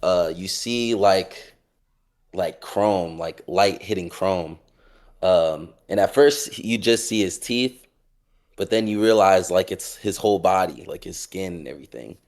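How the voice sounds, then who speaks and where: A man playing a tabletop game who describes his character casually and haltingly, with many fillers. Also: low voice, a little mellow. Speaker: player.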